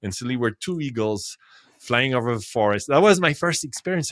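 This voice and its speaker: A French-accented man in his fifties, a podcast guest telling a story in an animated way. His voice rises and drops sharply as he laughs and gets excited. The sound is dry and close, with no room around it. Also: mid-range voice, normal speed, no echo. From France. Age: 50s. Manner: animated, laughs often, swings between loud and quiet. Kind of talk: casual storytelling.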